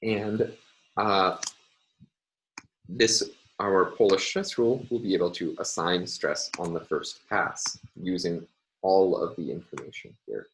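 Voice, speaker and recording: A man giving a recorded university phonology lecture, explaining step by step with frequent "uh" and "um" pauses. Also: deep voice, a little hiss or hum, rough recording.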